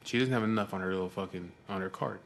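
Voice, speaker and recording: A middle-aged man talks straight to camera in an unhurried, rambling way. His voice sits very low. He swears casually and keeps checking in with his listener. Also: gravelly, a little hiss or hum. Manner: profane, rambling, frequent "you know what I mean". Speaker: vlogger.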